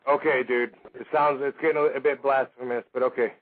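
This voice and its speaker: A man's voice: medium pitch, fairly even intonation, brisk, a little hiss or hum. A male talk-radio host with a mid-range voice who jokes constantly and swears with ease. The sound is thin and phone-like, as if heard over an old radio broadcast. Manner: joking, swears freely. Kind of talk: loose, profane radio talk. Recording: tinny phone-like radio audio.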